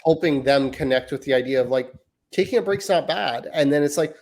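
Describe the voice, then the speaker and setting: A man's voice: fairly high pitch, brisk, a little mellow. A man in his thirties co-hosting a parenting podcast, talking through ideas in long, hedging, winding sentences. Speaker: podcast co-host. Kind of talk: casual parenting chat.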